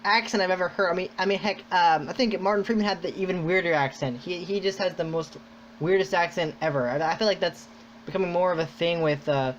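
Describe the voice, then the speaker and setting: A man hosting a podcast in casual chat, rambling and excitable, full of "like". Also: sits high, fast, a little hiss or hum. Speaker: podcast host. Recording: dull lo-fi sound.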